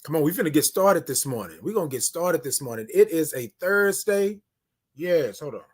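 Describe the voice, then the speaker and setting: High-voiced man hosting a morning livestream. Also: lively intonation. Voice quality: drawn-out sung greetings. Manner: greets viewers by name, repeats phrases, calls out to chat. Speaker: livestream host. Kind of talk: casual livestream chat. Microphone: phone camera.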